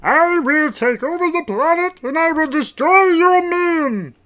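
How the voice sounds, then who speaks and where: A man's voice: extremely high pitch, lively intonation, pushed and bright, voice pushed up, heavily acted, low-quality recording. A man putting on a cartoon Martian villain, a small, pompous alien who drags out his threats in a thin, nasal voice. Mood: menacing. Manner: grandiose, threatening, drawn-out.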